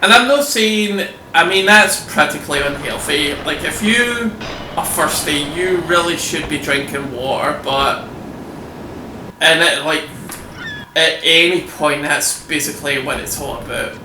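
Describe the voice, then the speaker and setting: His voice is a little high, expressive, bright and forceful, delivered a bit slowly as he plays. The gameplay host chats loosely, swearing and laughing frequently. Sound comes from a desk microphone in a room with echo and a faint hum.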